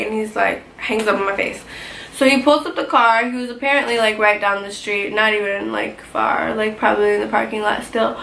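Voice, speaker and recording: Animated young woman, bright echoey voice. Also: on the high side, moderate pace, gravelly. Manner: animated, heavy swearing, lots of "like". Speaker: vlogger telling a story. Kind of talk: casual storytime vlog. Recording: echoey room with faint ambient noise.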